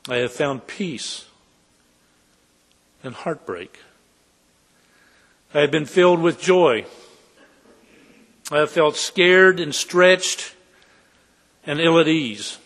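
A pastor preaching a heartfelt sermon in a church sanctuary, slow and earnest. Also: male voice, a little high, animated, fairly bright tone, in a large hall.

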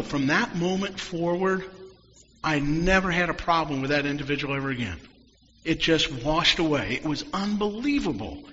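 A man's voice: sits high, pushed and bright. A man preaching a sermon, telling stories reflectively and sometimes dropping almost to a whisper. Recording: dull sound in a long-reverb hall.

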